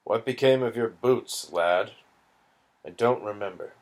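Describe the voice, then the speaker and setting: A man's voice: fairly low pitch, a little slow, natural voice. A man reading aloud and voicing an earnest, fatherly British soldier with an English accent. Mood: pitying.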